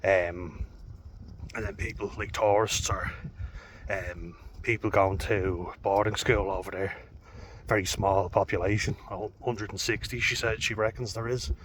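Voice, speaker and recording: An Irish man with a fairly low voice talks loosely to his viewers, wandering from point to point and correcting himself as he goes. He speaks bluntly, curses now and then, and uses the easy delivery of a rugby coach. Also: fairly even intonation, a little slow, fairly bright tone, slight background noise. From Ireland. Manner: rambling, frank, swears, with frequent fillers and self-corrections. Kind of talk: casual monologue to camera.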